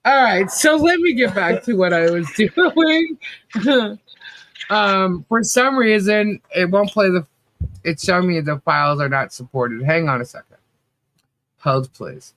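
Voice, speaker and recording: A podcast co-host with a fairly low voice speaks at a measured pace. She's animated in casual chat, laughing often as she tells her stories.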